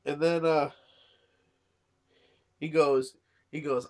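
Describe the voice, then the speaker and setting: A coughing man who's under the weather gives a casual, rambling take on a manga chapter. His mid-range voice has lively intonation and he speaks a little slowly, dropping "uh" and "you know" constantly.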